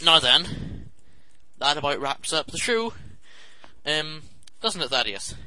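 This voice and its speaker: A man's voice: a little high, very animated, takes it slowly, sharp tone, slight background noise, rough recording. A young man, hosting a podcast and telling comic stories in an exasperated, sardonic rant. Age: late teens. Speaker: podcast host. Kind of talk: comic storytelling monologue.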